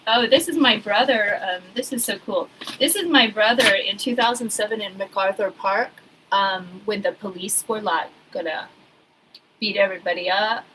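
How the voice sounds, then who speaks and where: Woman, 40s, casual vlogger, rambling with wry asides, clear background noise on the recording. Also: medium pitch, normal speed, pushed and bright, rough recording. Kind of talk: casual chat while sorting old papers.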